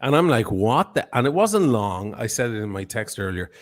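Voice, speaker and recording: A man's voice: mid-range voice, big pitch swings, moderate pace. A man hosting a watch channel, telling a casual, profane anecdote on a live stream and acting out the quotes of the people in it.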